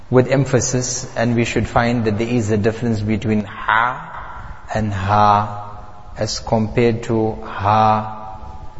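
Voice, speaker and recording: Slow, deliberate male teacher in a reverberant hall. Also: medium pitch, a little hiss or hum. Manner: slow and deliberate, repeats sounds to contrast them. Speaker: Quran recitation teacher. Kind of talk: step-by-step pronunciation lesson. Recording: lo-fi audio with long hall reverb.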